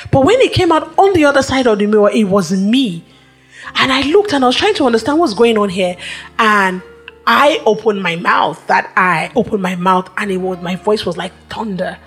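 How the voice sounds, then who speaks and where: A woman preacher delivering a sermon with rhythmic, repetitive phrasing and emphatic pauses. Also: fairly high pitch, animated, slightly rough, soft background music.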